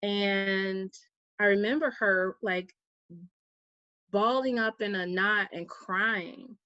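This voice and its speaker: A woman guest recounts a personal story in a relaxed interview. She speaks in an animated way and slips into the voices of the people she quotes. The recording is dry and a little muffled. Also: mid-range voice, takes it slowly, no room sound. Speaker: guest, vegan activist.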